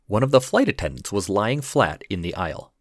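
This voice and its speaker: A low-voiced man, an emergency physician, narrates a scripted comic story in a wry, deadpan way. His pitch moves a lot as he tells it. The recording is close and dry. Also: fairly quick, no room sound. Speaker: podcast host and ER physician.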